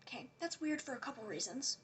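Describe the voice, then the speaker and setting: A woman's voice: high voice, lively intonation, quick pace, slight background noise. A woman giving a casual, rambling rant as a commentary vlogger, sarcastic and often dropping to a whisper.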